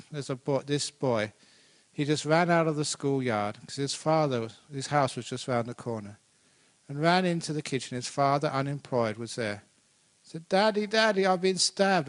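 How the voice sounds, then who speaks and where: A man, a Buddhist monk, giving a dharma talk with animated, conversational storytelling and acted-out quotes. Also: mid-range voice.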